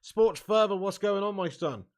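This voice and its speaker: A man's voice: sits high, normal speed. A man live-streaming a football game, bantering casually with his chat, reading out comments and swearing freely.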